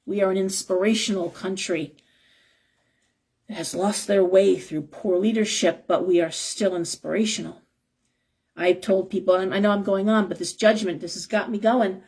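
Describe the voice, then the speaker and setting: A woman's voice: mid-range voice, fairly even intonation, normal speed, darkish tone, breathy edge. A middle-aged woman giving a live tarot reading, talking in an impassioned, emphatic, rambling way. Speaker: tarot reader and shop owner. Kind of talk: live-stream tarot talk.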